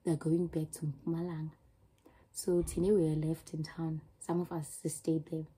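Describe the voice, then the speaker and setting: Young south african woman vlogging a storytime, kinda low, husky and mellow, lots of restarts. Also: level tone, normal speed, low-quality recording. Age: young adult. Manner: emotional, rambling retelling with many restarts. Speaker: YouTuber. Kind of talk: storytime vlog.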